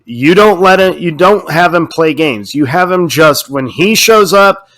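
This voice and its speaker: Ranting, animated man on a podcast. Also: fairly high pitch, a little slow. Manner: animated, ranting, swears freely. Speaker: podcast co-host. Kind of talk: casual podcast chat.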